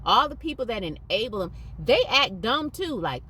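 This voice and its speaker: A woman's voice: a little high, sing-song, moderate pace, few pauses, pushed and bright, a little hiss or hum. A woman hosting a podcast, speaking candidly and emphatically and repeating points for stress. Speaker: podcast host.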